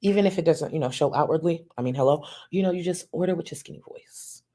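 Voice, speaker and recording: A commentator giving loose, joking live commentary in a casual chat style, often saying "you know". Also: male voice, a little high, fast, dark tone.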